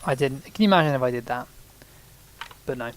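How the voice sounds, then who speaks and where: A man's voice: medium pitch, lively intonation, quick pace, background noise. A man casually commenting on the game he is playing, rambling along with self-mocking asides. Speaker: gaming channel host. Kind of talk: casual let's-play commentary.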